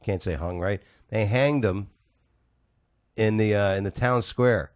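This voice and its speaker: A man's voice: fairly low pitch, measured pace, no room sound, clean studio sound. A man hosting a casual podcast chat, rambling with restarts and swearing often.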